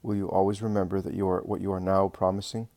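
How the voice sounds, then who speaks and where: A man reading the lines of a gentle, solemn male healer who speaks softly and tenderly. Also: deep voice, level tone, fast talker, no echo. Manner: soft and tender, then commanding.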